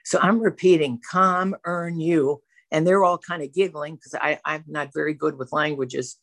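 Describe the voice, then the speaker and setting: A woman's voice: deep voice, fairly even intonation, normal speed, creaky, no echo. A woman telling her personal recovery story in a candid, self-reflective way, as a member of a twelve-step program speaking to a camera. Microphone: facing a camera.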